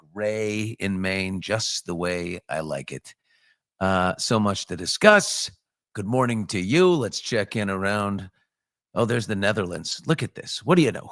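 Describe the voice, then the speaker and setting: A middle-aged man hosting a casual morning show from a home studio, greeting viewers with bouncy, upbeat chatter. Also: dry recording. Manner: upbeat, shouting out viewers with jumps in pitch. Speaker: host.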